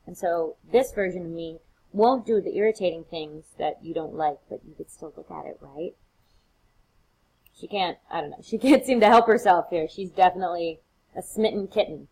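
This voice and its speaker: A woman's voice: on the low side, normal speed, mellow, breathy edge, rough recording. A woman giving a recorded literature lecture, retelling the scenes in casual, modern words and acting out the quotes playfully.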